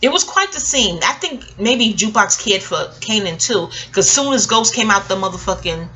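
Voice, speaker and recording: A woman with a bright, forceful voice rambles through a casual TV episode review. She jokes, swears freely and drifts into asides. Her pitch sits in an ordinary middle range for a woman. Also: lively intonation, normal speed, husky. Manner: rambling, scattered and joking, with frequent asides. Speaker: TV recap vlogger.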